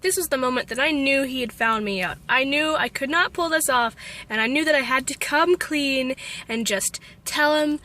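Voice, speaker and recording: A woman's voice: sits high, moderate pace, pushed and bright. A young woman from Texas with an American accent, telling a self-deprecating story in a vlog. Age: young adult. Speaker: vlogger.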